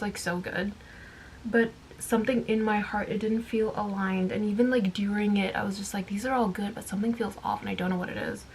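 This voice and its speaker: A woman's voice: medium pitch, a little mellow, a little hiss or hum. A woman vlogger talking in a casual, rambling way, candid and full of "like" and "um" fillers. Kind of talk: casual chat.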